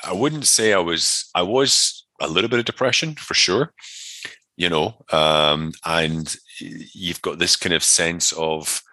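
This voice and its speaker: Very deep-voiced man rambling his story. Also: takes it slowly, bright, forceful tone, no echo. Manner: rambling, many fillers and restarts. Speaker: interview guest, personal trainer. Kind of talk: casual interview storytelling.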